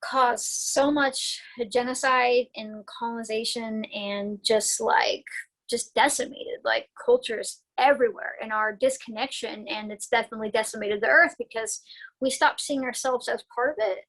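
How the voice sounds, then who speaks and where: A chatty woman guest who talks about herbs in a fairly high voice, rambling and restarting her sentences. She is recovering from a concussion and laughs often as she goes. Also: steady tone, normal speed, fairly bright tone, rough recording. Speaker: guest herbalist. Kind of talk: casual podcast interview.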